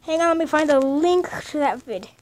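A woman's voice: sits high, expressive, moderate pace, noisy background. A woman playing a horror game and commentating casually, rambling and nervous as she goes. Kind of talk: casual let's-play commentary.

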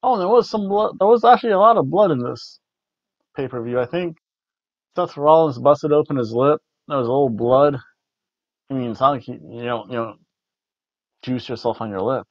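A man hosts a casual review chat, rambling along and often restarting his sentences. His voice sits at an ordinary middle pitch. The recording is dry and a little dull. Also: moderate pace, long pauses, no echo. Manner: rambling, repeats words, food-rating jokes. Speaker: podcast co-host reviewing wrestling.

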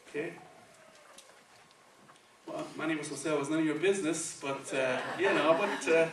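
High, bright-voiced preacher in an echoey church. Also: male voice, normal speed, pauses often, recorded from a distance, a little hiss or hum. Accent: Spanish-accented English. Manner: conversational, checks in with "okay" and "right". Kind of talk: sermon. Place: church sanctuary.

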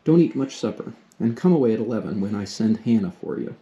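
A man's voice: on the low side, animated, fast talker, warm tone, dull audio. A man voicing Mrs. March, an affectionate mother fussing over her daughters, in a storybook read-aloud.

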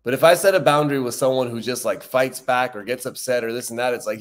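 A man hosting a recovery livestream in a relaxed, conversational way. He often repeats his key points for emphasis and slows down on important lines. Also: mid-range voice. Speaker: recovery talk host. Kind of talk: casual livestream talk.

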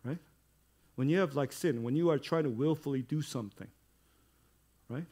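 A middle-aged male pastor giving a sermon in a conversational way, building to loud, emphatic stretches. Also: medium pitch, normal speed.

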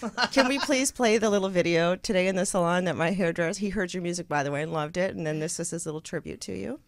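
A woman's voice: lowish voice, fast talker, dry recording. A woman hosting a talk show in a bubbly, giggly, rambling way. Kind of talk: casual chat.

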